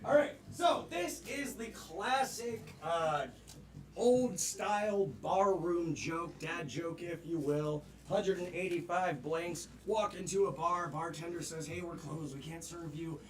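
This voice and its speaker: High-voiced man hosting live improv. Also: slow pace. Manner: playful, chatty, jokey. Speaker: improv show host. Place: comedy theater stage. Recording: echoey stage from a distance with crowd. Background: audience.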